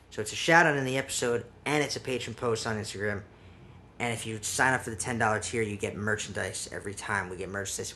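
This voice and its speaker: Podcast dude rambling and swearing, low gravelly voice, faint hiss behind. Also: male voice, pushed and bright. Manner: rambling, restarts, casual swearing. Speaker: podcast host. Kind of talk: casual solo podcast chat.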